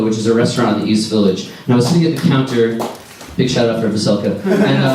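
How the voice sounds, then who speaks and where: A man's voice: mid-range voice, darkish tone, slight background noise. Stand-up comic in his forties, echoey club. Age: 40s. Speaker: stand-up comedian. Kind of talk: stand-up comedy set. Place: comedy club stage. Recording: echoey club sound from a distance. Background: audience laughter.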